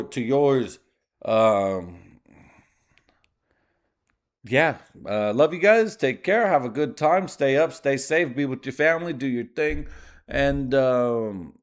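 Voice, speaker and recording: A man from the US with Spanish as his first language, hosting a podcast from his garage in a rambling, profane, laughing monologue. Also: mid-range voice. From United States. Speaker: podcast host. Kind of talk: casual comedic monologue. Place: home garage.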